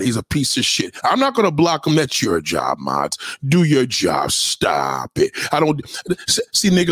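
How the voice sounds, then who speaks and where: Profane, lively-voiced man ranting on a livestream. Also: medium pitch, normal speed, slightly rough, no room sound, studio quality. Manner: profane, confrontational, shout-outs to viewers. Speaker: livestream host. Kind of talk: casual livestream rant.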